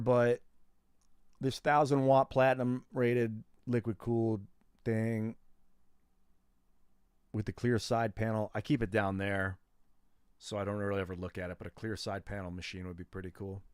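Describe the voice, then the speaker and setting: A man's voice: lowish voice, clear, resonant tone, dry recording, clean studio sound. A man in his thirties chatting casually on a gaming livestream, rambling and slangy as he talks to viewers. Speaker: gaming streamer.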